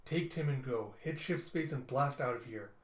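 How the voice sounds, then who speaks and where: A man's voice: medium pitch, normal speed, a little hiss or hum, lightly acted. A man voicing a tough female soldier captain who gives terse, clipped orders. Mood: gruff. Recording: echoey room.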